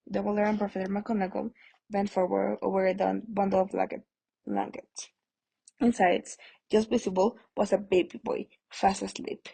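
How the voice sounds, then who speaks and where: Husky gravelly woman reading a story. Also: medium pitch, level tone, moderate pace, dark tone, poor audio. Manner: plain reading with small stumbles, friendly sign-off. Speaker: podcast host, audiobook reader. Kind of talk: amateur audiobook narration.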